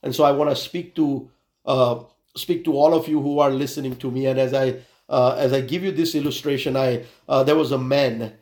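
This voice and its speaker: A man's voice: medium pitch, steady tone, a little mellow, echoey room. A man preaching a sermon, telling an illustration and leading a prayer, with frequent fillers and restarts. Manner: halting, many fillers and restarts.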